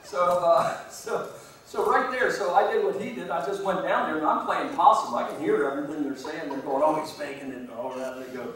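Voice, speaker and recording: A man's voice: on the high side, steady tone, fairly quick, a bit bright, a little hiss or hum. A man, a guest speaker at a meeting, telling a long rambling anecdote and chuckling at his own story. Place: meeting hall. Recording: echoey room from far off.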